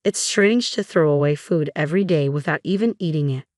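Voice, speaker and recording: A woman's voice: low-pitched, brisk, a little mellow, no echo, studio quality, natural voice. A woman voicing an indignant young woman. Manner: pointed, indignant.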